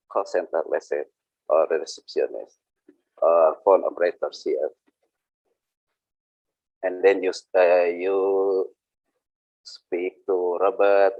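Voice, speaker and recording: A man teaching workplace English online, explaining slowly with frequent hesitations and repetitions. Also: deep voice, darkish tone, dry recording. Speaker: English instructor. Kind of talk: online vocational English lesson. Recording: dull lo-fi sound.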